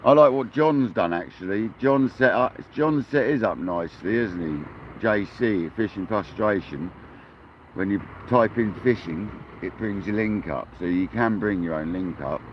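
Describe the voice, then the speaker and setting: A casual English man talks to his live viewers while out on the water, slipping "mate" and "buddy" into nearly every line. His voice sits a little low, and the sound is dull and lo-fi, like a phone stream. A faint hiss of outdoor noise runs underneath. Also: measured pace. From England. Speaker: fishing livestream host. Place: outdoors on a kayak at the coast.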